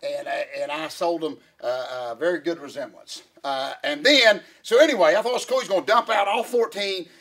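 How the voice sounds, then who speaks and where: A man's voice: a little high, fairly quick, pushed and bright. A man co-hosting a podcast in casual chat, telling rambling folksy stories and sounding out of breath. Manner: rambling folksy storytelling, calls partner "boy". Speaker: podcast co-host.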